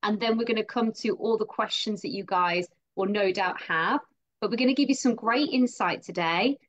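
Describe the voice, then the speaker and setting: A woman's voice: mid-range voice, normal speed, lo-fi sound. A woman hosting a live stream, bubbly and effusive as she greets viewers and introduces her guest. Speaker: host.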